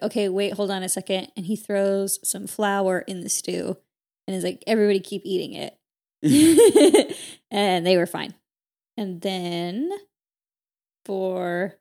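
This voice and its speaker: A woman co-hosting a podcast, casually retelling a story with lots of "like" and quick character voices. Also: medium pitch, creaky, a little mellow. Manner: chatty, peppered with "like", voices characters in quotes. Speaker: podcast co-host.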